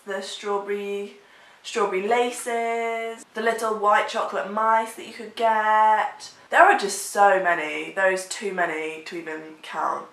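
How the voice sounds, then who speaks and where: A woman's voice: medium pitch, fairly bright tone, reverberant, rough recording. A young woman chatting casually as a vlogger, rambling and enthusiastic as she answers questions. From England.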